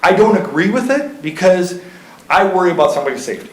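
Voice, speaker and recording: A man's voice: high voice, animated, fast. Chatty man, roomy council chamber. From Iowa. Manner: chatty and folksy, lots of fillers and anecdotes. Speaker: local reptile keeper speaking to city council. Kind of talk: casual storytelling at a public meeting.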